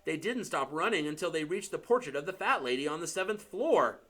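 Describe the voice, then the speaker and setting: A man narrating an audiobook in an expressive, dramatic storytelling manner. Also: fairly high pitch, a little fast. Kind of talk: audiobook reading.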